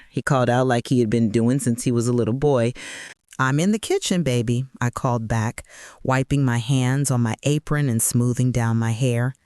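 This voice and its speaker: Brief: woman, 60s, first-person storyteller, earnest and reflective, very expressive melody, dry close sound. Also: sits low, no echo.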